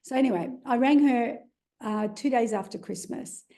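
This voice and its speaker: An Australian woman appears as a guest, earnestly telling a story from her own life and often saying "you know." Her voice is warm and a little high, moving at a normal speed.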